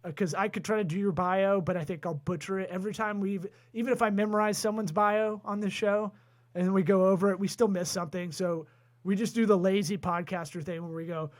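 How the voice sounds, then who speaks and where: A man's voice: high-pitched, fairly even intonation. A man hosting a comedy business podcast, reading sponsor plugs and joking with his co-host. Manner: jokey, rapid-fire sponsor plugs. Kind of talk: casual podcast chat with ad reads.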